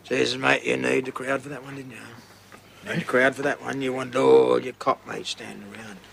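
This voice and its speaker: An actor playing a blunt, mocking Sydney crook with an Australian accent, swearing freely in a TV crime drama. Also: male voice, mid-range voice, little pitch movement, fairly quick, vocal fry, fairly bright tone. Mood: taunting. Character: hard, cocky Sydney crook in his forties. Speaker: criminal narrator and lead. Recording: music score underneath.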